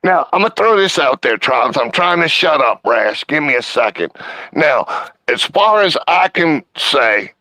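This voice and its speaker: A man's voice: fairly high pitch, animated, a little slow, pushed and bright, no echo, poor audio. A man debating on a live stream, rambling in a folksy way with casual swearing. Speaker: debate guest.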